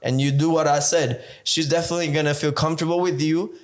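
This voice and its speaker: A man's voice: on the high side, steady tone, fast. A man co-hosting a casual podcast, giving frank advice and swearing casually. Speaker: podcast co-host.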